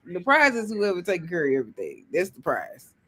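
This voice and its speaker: A man with a noticeably high voice and co-hosts a casual podcast. He is animated and jokey, laughing easily between points. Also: fairly quick, husky. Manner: animated, joking, laughs often. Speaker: podcast co-host. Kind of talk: casual chat.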